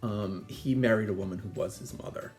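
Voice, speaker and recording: A middle-aged man, the host, telling family stories in a chatty, animated way and laughing often. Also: fairly low pitch, brisk, faint music behind. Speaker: podcast host. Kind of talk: casual storytelling.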